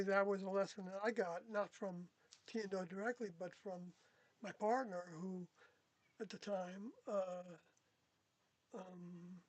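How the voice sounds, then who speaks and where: This speaker rambles through an unscripted reflective monologue, stopping, restarting and correcting themselves as they go. The voice sits at an ordinary middle pitch. The recording is dry and close, with no room echo. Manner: halting, rambling, with many pauses and self-corrections. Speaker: former group member recounting experiences.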